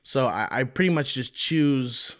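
A man's voice: mid-range voice, a little slow. A young man talks easily about making music, his voice sitting in an ordinary middle range. He speaks loosely, circling back with lots of casual fillers. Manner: relaxed, many fillers like "you know what I mean". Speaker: rapper guest. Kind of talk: casual interview.

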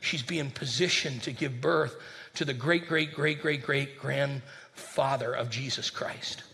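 A man who is a senior pastor, preaching a lively sermon and calling on his congregation to respond. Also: mid-range voice, measured pace, gravelly. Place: church sanctuary with congregation.

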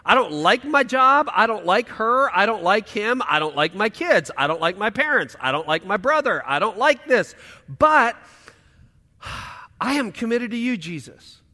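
Male pastor, sermon delivery, forceful tone, reverberant church hall. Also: high voice, sing-song, unhurried. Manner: swings from loud emphatic lines to hushed quiet asides.

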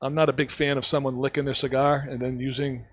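Talking fast at a medium pitch, a cigar shop owner chats casually on a podcast. He's an animated storyteller, performing the quotes in his stories.

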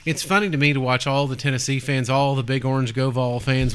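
Man, bright voice, sarcastic, rambling sports talk. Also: medium pitch, fairly even intonation, fairly quick, few pauses, a little hiss or hum. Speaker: podcast co-host. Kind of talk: casual sports chat.

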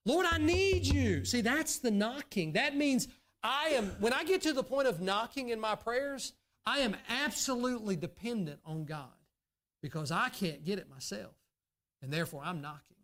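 A man's voice: sits high, normal speed, a bit bright. A male pastor, preaching a sermon in a conversational way that rises into emphatic pleas.

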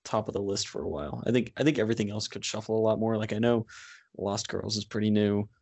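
A man's voice: on the low side, steady tone, fast talker, creaky, a little mellow, no room sound. Chatty man with a dry sound. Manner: loose and chatty, full of asides. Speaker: podcast co-host. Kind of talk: casual chat.

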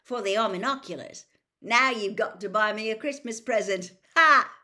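A woman voicing an eager, boisterous teenage wizard boy who yells in excitement. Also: medium pitch, moderate pace, natural voice. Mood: excited. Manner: excited yelling.

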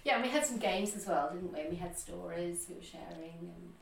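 Gravelly-voiced woman, hesitant. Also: on the low side, a little fast, a little hiss or hum. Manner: hesitant, many restarts and ums. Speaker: community event organiser. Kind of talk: casual chat. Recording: echoey room, a bit far from the mic.

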